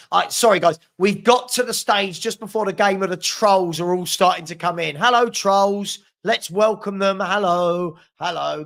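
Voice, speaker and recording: Reading viewer comments aloud during a live football watchalong, a young fan channel host trades sarcastic banter. He speaks with a high-pitched, fairly bright voice and some vocal fry.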